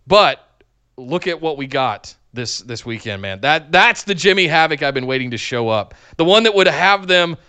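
An enthusiastic male podcast co-host in casual chat, quick to laugh. His voice is bright and crisp, and it sits slightly high. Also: expressive.

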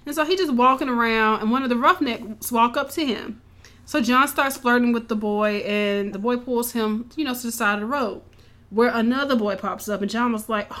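A woman recapping a show in casual, animated storytelling, swearing freely and acting out the characters' lines. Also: fairly high pitch, normal speed. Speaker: podcast co-host recapping a show.

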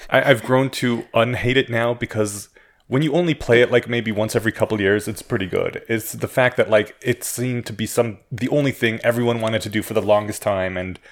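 A man's voice: fairly low pitch, steady tone, brisk. A man co-hosting a podcast in casual chat, speaking in a dry, matter-of-fact way. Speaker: podcast co-host.

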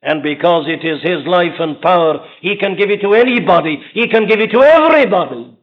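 A man's voice: sits high, animated, brisk. A man preaching an impassioned sermon from a church pulpit, with rising and falling emphasis. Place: large church. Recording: dull archival sermon recording.

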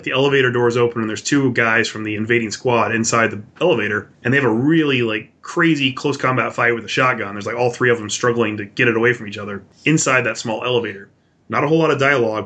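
A man's voice: mid-range voice, bright, forceful tone. A man co-hosting a casual comics podcast who recaps issues at length in an enthusiastic, rambling way, with plenty of fillers. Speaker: podcast co-host.

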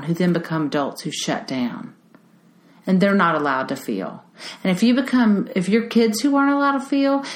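A middle-aged woman talking earnestly to parents as an early childhood educator, lifting her voice for emphasis. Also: mid-range voice. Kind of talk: casual talk to parents. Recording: echoey room.

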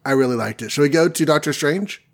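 A man's voice: fairly high pitch, fast talker. A man co-hosting a casual podcast, loosely recapping comic stories with offhand asides. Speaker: podcast co-host reviewing comics. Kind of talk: casual chat.

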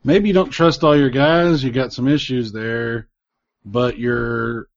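A man with a mid-pitched voice, talking loosely and at length, with plenty of filler and sudden excited jumps. The sound is close and dry, with almost no room on it. It also has the dull, muffled top of a lo-fi recording. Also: takes it slowly, dry recording. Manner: rambling, animated, swears freely. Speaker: podcast panelist. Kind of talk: casual group chat.

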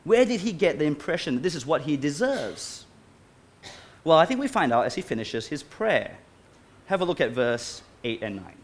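A man's voice: on the high side, normal speed. A man preaching a sermon to a congregation, asking them many questions. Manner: animated, asks the congregation questions. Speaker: pastor.

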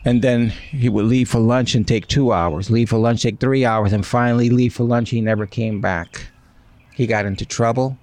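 A man in his sixties, a guest in an interview, telling stories in an animated way and acting out what others said. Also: medium pitch, normal speed. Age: 60s. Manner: animated, acts out quoted speech. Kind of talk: storytelling in an interview.

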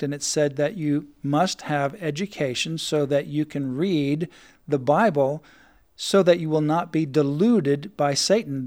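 A man's voice: on the high side, a little mellow. A man hosting a talk show, earnestly explaining history and reading old texts aloud. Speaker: host. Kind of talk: studio talk show discussion.

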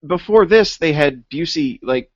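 A man's voice: a little high, lively intonation, a little slow, no room sound, dull audio. Exasperated man joking about a film. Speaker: podcast co-host. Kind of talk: casual movie review chat.

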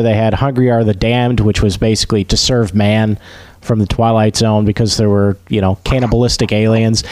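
A man's voice: medium pitch, darkish tone, no echo. Guy chatting casually, lots of ums and restarts, dry close sound. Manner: hesitant, many fillers and restarts. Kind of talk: casual chat about TV.

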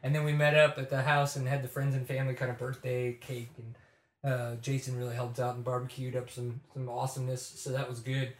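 A man's voice: mid-range voice, completely flat delivery, brisk. A man co-hosting a casual chat, laid-back and rambling, with plenty of fillers. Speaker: podcast co-host. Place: home garage. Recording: echoey room.

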